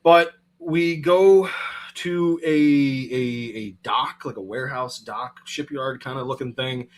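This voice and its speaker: A man's voice: mid-range voice, slow pace. A man co-hosting a casual movie review chat, recapping the plot in a rambling way with many restarts. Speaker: podcast co-host.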